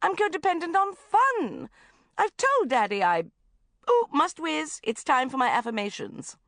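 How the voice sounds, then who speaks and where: A woman voicing a theatrical, self-dramatizing middle-aged mother who gushes and drops into breathy whispers. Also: high-pitched, big pitch swings, a little slow, fairly bright tone, no room sound, clean studio sound, voice pushed up, full character voice. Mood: histrionic. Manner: histrionic, gushing, swinging into breathy whispers.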